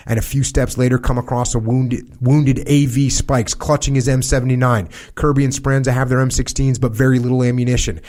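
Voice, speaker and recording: A man reads a battlefield account aloud, steady and grave, at a middle pitch. He keeps the pace measured and sometimes trips and restarts a word. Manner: measured, grave reading with small slips and restarts. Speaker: podcast host. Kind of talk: reading a war account aloud.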